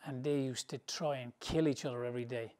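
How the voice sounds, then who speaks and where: An English boxing trainer answers interview questions with loose, colloquial, rambling stories, often laughing through them. He's an animated storyteller with a mid-range voice and a slightly fast pace.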